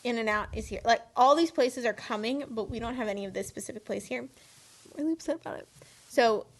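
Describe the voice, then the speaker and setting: A woman's voice: fairly high pitch, brisk. A woman co-hosting a faith podcast, chatting in an upbeat, casual way. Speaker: podcast co-host. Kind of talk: casual chat.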